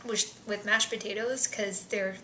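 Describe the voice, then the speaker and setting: A young woman vlogger chatting casually through survey questions, self-deprecating, with soft mumbled asides. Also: mid-range voice, steady tone, a little slow, roomy sound, slight background noise, poor audio.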